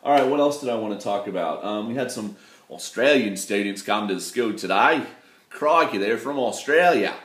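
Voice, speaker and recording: Laid-back guy, lower register, meandering self-deprecating vlog talk, recorded in a roomy space. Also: fairly quick. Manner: rambling, loose, full of "you know" fillers and self-deprecating asides. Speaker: English teacher living in Japan. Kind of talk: casual chat to camera. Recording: roomy echo.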